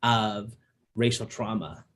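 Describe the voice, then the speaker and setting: A man from Canada with a slight lisp and a slightly raspy voice, reflectively telling personal stories in a casual conversation. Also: on the low side, slow, a bit bright. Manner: reflective, personal storytelling with frequent ums. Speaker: performance artist in conversation.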